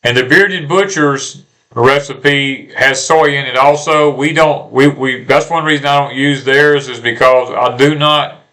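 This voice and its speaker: Man, Southern US accent, bright forceful voice, blunt, opinionated, repetitive. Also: medium pitch, fairly even intonation, a little slow, poor audio. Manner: blunt, opinionated, repeats himself. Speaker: homestead channel co-host. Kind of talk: casual porch chat.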